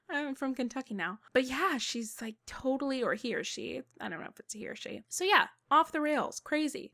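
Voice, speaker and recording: Brief: playful woman lore theorist, bright high voice, chatty and loose. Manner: chatty, playful, lots of fillers. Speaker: video game lore theorist. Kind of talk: casual lore commentary.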